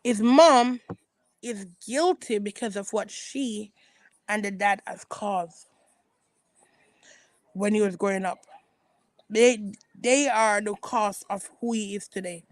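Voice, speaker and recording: A woman's voice: mid-range voice, slow, pauses often, no echo. A woman giving casual opinion commentary as a vlogger, talking emphatically and repeating herself with restarts. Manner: emphatic and repetitive, with frequent restarts.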